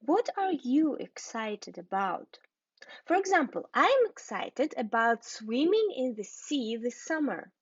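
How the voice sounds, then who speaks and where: Slow, careful woman teaching English. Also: high voice, big pitch swings, husky, no room sound, highs cut off. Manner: slow, careful teacher speech, spelling and repeating words. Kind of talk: scripted lesson for learners.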